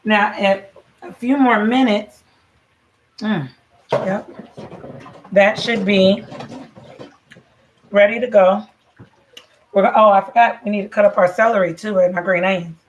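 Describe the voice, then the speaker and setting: A woman's voice: mid-range voice, fairly even intonation, moderate pace, pauses often. Chatty woman cooking in an echoey kitchen. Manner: chatty, salty, talks straight to viewers. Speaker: home cooking show host and mother. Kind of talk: casual livestream cooking chat. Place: home kitchen. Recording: echoey room, voice from a distance, faint noise.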